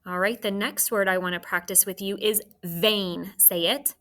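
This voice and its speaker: A woman's voice: mid-range voice, fairly even intonation, normal speed, fairly bright tone. A woman teaching a phonics lesson to children, patient and encouraging as she sounds out words.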